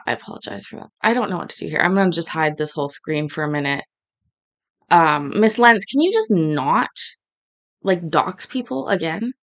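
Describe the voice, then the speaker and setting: A woman hosts a casual reaction show, chatty and quick to laugh. She swears freely and keeps an everyday middle pitch. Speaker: host reacting to court clips.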